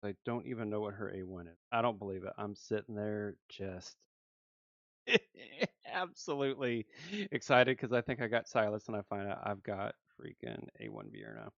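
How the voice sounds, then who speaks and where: A gaming channel host talks through his summon pulls, his voice leaping up and down with excitement and letdown. The sound is dry and close, a little dull and lo-fi, from a home desk mic. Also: fairly low pitch, moderate pace, gravelly, no echo. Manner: animated, swings between hype and disappointment. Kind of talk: excited gacha pull commentary.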